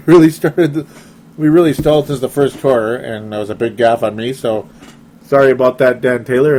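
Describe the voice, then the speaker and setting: A man's voice: mid-range voice, a little mellow, slight background noise. A young man hosting a casual sports talk show, rambling and laughing often as he reads listener comments. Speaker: podcast host.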